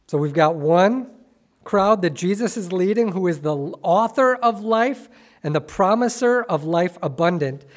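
A male pastor preaching a sermon, dramatic and full of rhetorical questions, swinging between soft and loud. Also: high-pitched.

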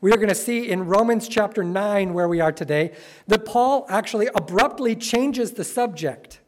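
A man preaching to his congregation, telling stories conversationally and slowing down hard on key phrases. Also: high-pitched. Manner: conversational, playful storytelling with sudden slow emphatic phrases. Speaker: pastor. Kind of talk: sermon. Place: church sanctuary with congregation.

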